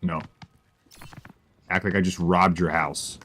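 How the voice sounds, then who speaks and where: A man's voice: deep voice, flat delivery, takes it slowly, a bit bright, breathy edge. A male game streamer chatting casually to his viewers as he plays, joking and repeating reassurances to himself. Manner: talks to his chat. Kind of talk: casual live-stream chatter while playing.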